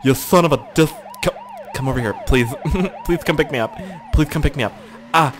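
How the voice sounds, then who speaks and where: A young man hosting a gaming channel, giving excitable let's play commentary with lots of swearing and sudden high-pitched yelps. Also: normal speed, faint music behind.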